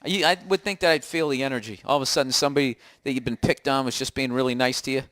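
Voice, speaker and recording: A man's voice: mid-range voice, very fast, fairly bright tone, no room sound, clean studio sound. A man co-hosting a casual comedy podcast in an apartment, with sarcastic, teasing banter. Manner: sarcastic, teasing, reads aloud mockingly. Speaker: podcast co-host.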